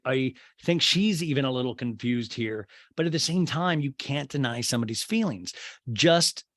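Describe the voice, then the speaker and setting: Male comedy podcast host, rambling and profane, animated, dry studio sound. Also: medium pitch, no room sound. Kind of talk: comedic reality-TV recap.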